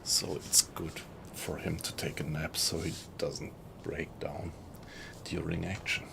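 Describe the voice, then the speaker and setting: Deep gravelly man streaming a game. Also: noisy background. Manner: relaxed, unhurried, greets viewers chattily. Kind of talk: casual live-stream chat while playing. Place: small home computer room.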